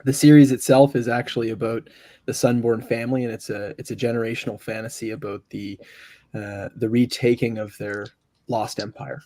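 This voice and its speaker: A man author pitches his book with a relaxed, joking ease. His voice sits at a middle pitch. He speaks over a video call. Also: a little fast, dry recording. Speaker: author on a panel. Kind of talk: casual panel chat.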